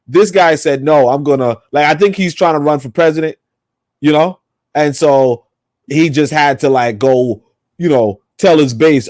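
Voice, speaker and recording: A man's voice: medium pitch, fairly quick, a little mellow, no echo, clean studio sound. A man co-hosting a podcast, talking in a rambling, emphatic, profane way. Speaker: podcast co-host. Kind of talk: casual opinionated chat.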